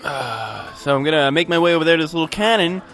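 Tipsy cursing gamer dude, kinda high voice, faint game music under him. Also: male voice, lively intonation, fast, a bit bright. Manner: frustrated, profane, rambling. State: tipsy from drinking. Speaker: let's play gamer. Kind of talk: casual gameplay commentary.

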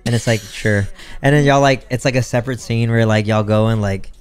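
A man's voice: mid-range voice, brisk, clean tone, faint music behind. Laid-back young man rambling on stream. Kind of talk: casual live-stream chat.

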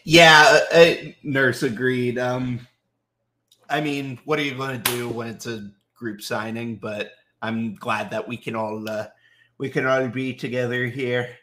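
A man hosting a live autograph signing, chatting casually and greeting viewers by name, slightly sick so his voice sits a little deeper than usual. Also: steady tone, a little slow, sharp tone. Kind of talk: casual livestream chat.

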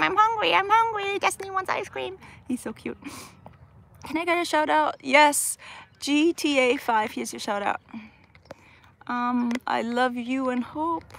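A woman's voice: on the high side, a bit bright, slight background noise. Chatty young woman reading viewer comments. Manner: reads comments aloud and answers chattily, laughs often. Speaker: livestream host answering viewer questions. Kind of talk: casual live chat.

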